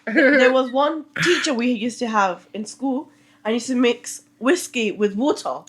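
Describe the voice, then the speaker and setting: Relaxed woman chatting, higher voice. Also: measured pace, crowd noise. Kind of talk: casual chat.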